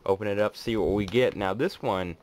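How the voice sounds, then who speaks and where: Chatty excitable man, low voice. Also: fairly quick. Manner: chatty, excitable, thinking aloud. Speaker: autograph collector vlogger. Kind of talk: casual unboxing vlog.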